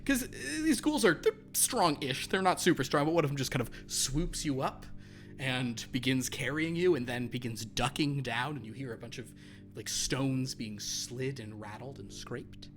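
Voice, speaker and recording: A man narrating a tabletop horror game as its game master. He talks casually in a medium-pitched voice and laughs often. Faint music runs under his voice. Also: normal speed, fairly bright tone. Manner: chatty, laughs between lines.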